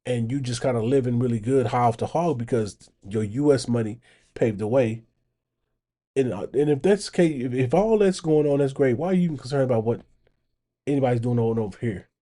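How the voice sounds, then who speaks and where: A man hosting his channel, giving casual reaction commentary on video clips and getting animated when he makes a point. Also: mid-range voice, brisk.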